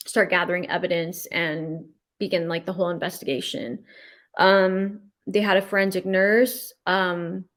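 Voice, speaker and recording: Woman recounting a painful ordeal, halting. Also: medium pitch. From California. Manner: emotional, halting, with many restarts. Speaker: interview guest. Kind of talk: personal testimony in an interview.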